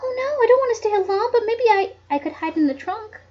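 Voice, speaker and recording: Lady reader doing a timid chatty teen girl, squeaky and breathless, muffled audio. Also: lively intonation, fast talker. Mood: flustered. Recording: dull lo-fi home recording.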